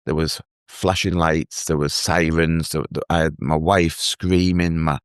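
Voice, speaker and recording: An earnest man telling his own story as a guest in an interview, halting and restarting as he speaks. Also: rumbling low, level tone, clear, resonant tone, no room sound, clean studio sound. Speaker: guest, mental health advocate. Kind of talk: emotional personal story in an interview.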